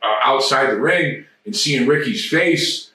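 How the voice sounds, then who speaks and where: A man guest telling rough, profane stories in an animated way, often restarting and repeating his words. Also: mid-range voice, a little slow. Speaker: interview guest. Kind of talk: casual storytelling. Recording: echoey room, distant mic.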